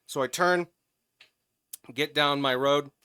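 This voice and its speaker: A man co-hosting a podcast, telling a story in casual chat, animated and profane, getting loud as he retells it. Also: fairly high pitch, takes it slowly, clear, resonant tone, dry recording, studio quality. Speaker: podcast co-host.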